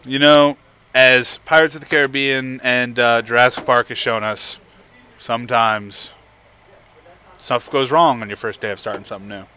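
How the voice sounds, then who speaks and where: A man's voice: medium pitch, fairly even intonation, moderate pace, pushed and bright, clean tone. Upbeat young man reading chat. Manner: upbeat, reads viewer messages aloud. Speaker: livestream host. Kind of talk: casual live stream chat.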